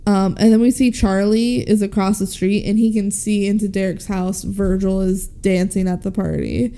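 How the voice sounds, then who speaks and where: A woman's voice: medium pitch, normal speed, clean tone. Chatty woman recapping a film. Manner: retells scenes, quoting characters in lively voices. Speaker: podcast co-host. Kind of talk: casual film recap chat.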